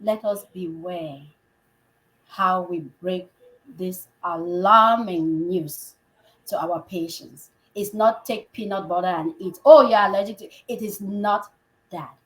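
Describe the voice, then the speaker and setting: A woman who works as a healthcare provider, telling a story in a lively conversational way and acting out the dialogue as she goes. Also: lowish voice, slow. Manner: animated, acts out quoted dialogue. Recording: roomy echo.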